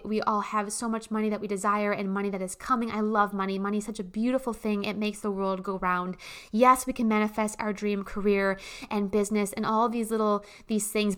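A woman's voice: mid-range voice, a bit bright. A woman hosting a motivational podcast, talking in a gushing, emphatic way and swearing casually. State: emotional, tearing up. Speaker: podcast host.

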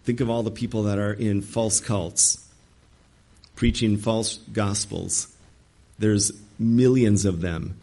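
A man's voice: lowish voice, fairly even intonation, slow pace, vocal fry, warm tone. A man preaching an emphatic sermon, acting out the voices he quotes. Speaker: pastor.

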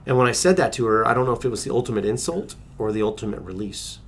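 Gravelly man telling his story. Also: medium pitch, animated, quick pace, a little hiss or hum. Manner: earnest, restarts and acts out quotes. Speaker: interview guest. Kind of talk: personal storytelling.

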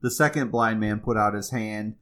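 A man telling a fable in a casual, conversational way, with fillers and restarts, then slowing down to reflect on its moral. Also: fairly low pitch, fairly even intonation, fairly bright tone. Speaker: storyteller.

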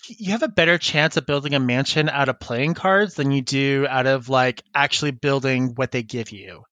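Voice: mid-range voice, normal speed, a bit bright, no echo. A podcast co-host chatting casually, rambling and giggling with many fillers. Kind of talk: casual chat.

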